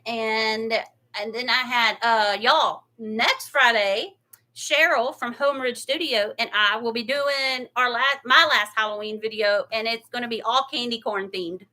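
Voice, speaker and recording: Woman, craft livestream host, gushing, laughs a lot, fairly high voice. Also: a little slow, sharp tone. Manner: chatty, gushing, laughs often. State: near tears. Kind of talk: casual livestream chat.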